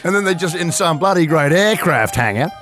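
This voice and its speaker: A man in a radio studio, talking on air with a lively, swooping voice that sits fairly high. He jokes and tells animated stories at a studio mic, and soft music plays under him. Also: a little fast. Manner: animated, joking storyteller. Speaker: radio host. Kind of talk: jokey breakfast radio chat. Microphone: studio microphone.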